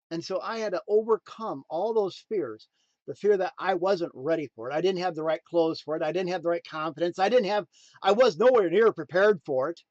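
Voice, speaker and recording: A man giving a motivational talk in a preachy, emphatic way, swinging between loud punchlines and quiet asides. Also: high voice, dry recording, lo-fi sound. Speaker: motivational speaker.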